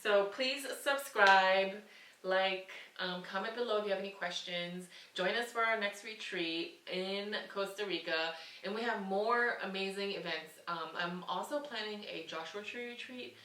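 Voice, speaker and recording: A woman's voice: medium pitch, a little slow, bright, forceful tone, echoey room, recorded from a distance, a little hiss or hum, low-quality recording. A woman hosting a casual podcast, chatty and often laughing as she wraps up with her guest. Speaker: podcast host.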